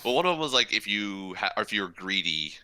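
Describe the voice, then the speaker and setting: A man's voice: lowish voice, big pitch swings, fairly quick, heavy background noise. A man co-hosting a podcast, eagerly explaining fantasy lore and recapping an anime in casual chat, swearing freely. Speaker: podcast co-host.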